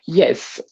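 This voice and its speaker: A French-accented woman, a pageant showgirl, appears as a guest in a casual interview, laughing often and pausing to find her words. Her tone is darkish and the recording sounds muffled.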